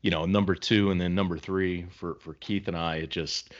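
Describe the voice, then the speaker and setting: Deep-voiced laid-back podcast host. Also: male voice, steady tone, normal speed. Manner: laid-back storyteller, swears casually. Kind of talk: casual chat. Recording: dull lo-fi podcast audio.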